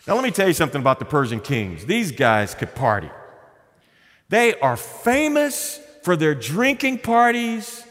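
A middle-aged male pastor preaching a sermon in a conversational, humorous way, often dropping to a quiet voice. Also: on the high side, big pitch swings, a little slow, big-room sound.

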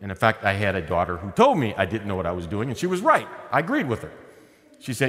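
Middle-aged male pastor, sermon, conversational and joking, very lively pitch, long reverb. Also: fast. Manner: conversational preaching with humor and sudden drops to a quiet voice.

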